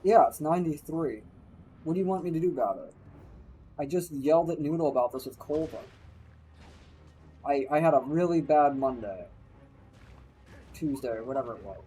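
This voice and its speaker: A man's voice: fairly high pitch, lively intonation, moderate pace, pauses often, warm tone, low-quality recording. A young man streaming a game live, ranting and swearing constantly at what happens on screen. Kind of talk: live gaming commentary.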